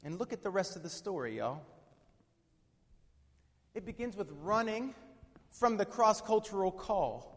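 High-voiced man preaching in a hall. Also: sing-song, a little slow, long pauses. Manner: dynamic, swings from hushed to shouting, asks the congregation questions. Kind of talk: sermon. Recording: long reverb of a hall.

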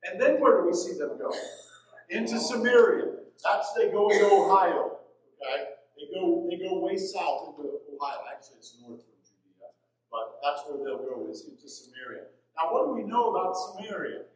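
A man with a fairly high voice leads an adult Sunday school class, chatting through scripture and throwing questions to the group. He sounds set back from the mic, and the room rings with heavy echo. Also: lively intonation, moderate pace. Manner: conversational, asks the class questions. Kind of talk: classroom Bible lesson. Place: church classroom. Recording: very echoey room, mic far off.

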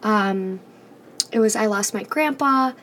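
A young woman co-hosting a podcast in casual chat, speaking hesitantly with many pauses and restarts. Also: mid-range voice, a bit bright, slight background noise. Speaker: podcast co-host.

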